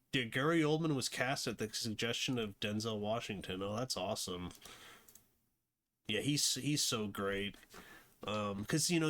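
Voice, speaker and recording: A man's voice: fairly low pitch, creaky, a bit bright. A man hosting a casual movie review, rambling with many fillers and restarts. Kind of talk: casual unscripted commentary.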